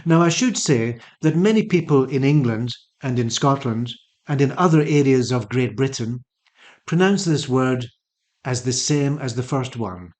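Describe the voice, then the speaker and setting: A man teaching English pronunciation, saying each model word slowly and carefully, often twice. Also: mid-range voice, darkish tone. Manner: careful, patient, clear articulation of each word. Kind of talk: slow, deliberate teaching with repeated model words.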